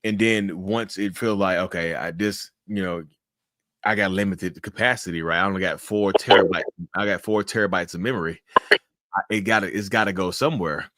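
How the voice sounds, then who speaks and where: Man, lowish voice, casual host, loose talk with swearing, acts out reactions, dry close sound. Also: a little fast, dry recording. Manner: animated, acts out reactions with big pitch jumps and laughs. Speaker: interview host. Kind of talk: casual interview chat, swearing.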